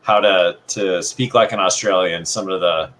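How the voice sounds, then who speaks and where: Low-voiced, easygoing male co-host. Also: steady tone, normal speed, fairly bright tone, slight background noise. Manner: easygoing, chatty, storytelling. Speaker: co-host of a live art stream. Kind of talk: casual live-stream chat.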